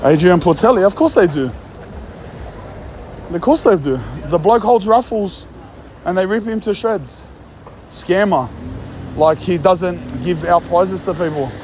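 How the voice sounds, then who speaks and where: A man's voice: sits high, a little slow, darkish tone, slight background noise. A young Australian man ranting casually in a blunt, heated, mocking way, swearing often. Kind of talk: casual rant.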